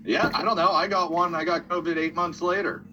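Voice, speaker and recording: A man's voice: a little high, fairly even intonation, a little fast, sharp tone, slight background noise, poor audio. A man joining a podcast as a guest over a video call, talking in easygoing, laid-back chat. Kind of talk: casual chat.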